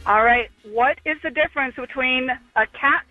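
A woman's voice: high voice, normal speed, soft background music. A woman calling in to a radio show, laid-back and good-humored. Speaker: caller. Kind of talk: phone-in chat. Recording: muffled phone line.

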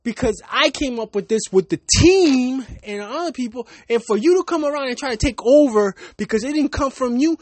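A man's voice: very high-pitched, animated, brisk, hardly any pauses, no room sound. A man hosting his own podcast, delivering a heated, profane rant in a casual way and laughing at himself now and then. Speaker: podcast host. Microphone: basic home setup, no fancy gear.

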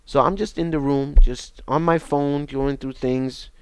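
A young man, telling his own story in a halting, repetitive, reflective way. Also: medium pitch, steady tone, clear, resonant tone, no room sound. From Bronx, New York. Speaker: interview guest. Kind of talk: personal testimony.

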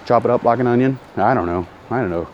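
A man's voice: mid-range voice, quick pace, a little mellow, muffled recording. A middle-aged man hosting a podcast while walking outdoors, rambling and correcting himself, greeting passersby. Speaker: podcast host. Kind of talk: casual walking podcast monologue. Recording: outdoor street noise. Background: traffic and street sounds.

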